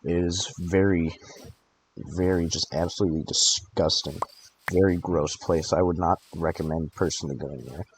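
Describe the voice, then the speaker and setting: An eighteen-year-old gaming channel host rambles through late-night gameplay commentary, tired and groggy from allergy pills, tossing in drowsy jokes. His voice is deep with fairly even intonation at a moderate pace. The recording is rough, with clicking noise over his voice.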